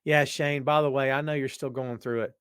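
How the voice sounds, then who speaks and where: A man's voice: mid-range voice, steady tone, brisk, a bit bright, clear, resonant tone, no echo. Guy hosting a chill live stream, voice kinda wrecked, rambly and jokey, dry close sound. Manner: rambling, jokey, talks straight to viewers. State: worn-out voice. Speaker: podcast host. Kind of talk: casual live-stream chat. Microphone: webcam setup.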